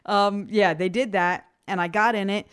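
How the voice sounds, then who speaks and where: A woman in her forties co-hosting a casual podcast chat, an animated storyteller who acts out the voices she quotes. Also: mid-range voice, normal speed, clean tone. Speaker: podcast co-host.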